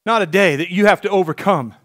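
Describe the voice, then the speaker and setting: A middle-aged male pastor preaching a sermon in a church, swinging from hushed to loud. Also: high voice, quick pace. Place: church sanctuary.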